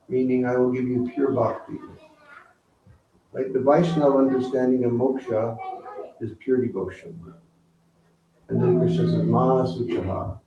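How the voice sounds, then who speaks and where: A man giving an evening spiritual talk as a guru, gentle and unhurried, often pausing and quoting scripture to a gathered audience. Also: mid-range voice, fairly even intonation. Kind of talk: sermon. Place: hall during an evening program. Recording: roomy, distant, dull lo-fi recording with faint noise.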